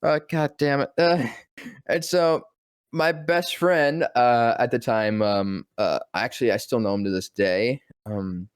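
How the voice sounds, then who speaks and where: A young man, a voice-actor guest, telling an animated story. He swears freely and acts out quotes in different voices. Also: mid-range voice, slow, clear, resonant tone, no echo, clean studio sound.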